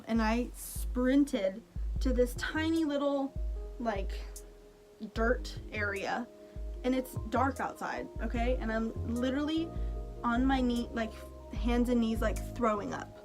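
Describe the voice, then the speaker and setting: A young woman vlogging, telling a story to camera in a chatty, animated way, laughing often and saying "like" a lot. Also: fairly high pitch.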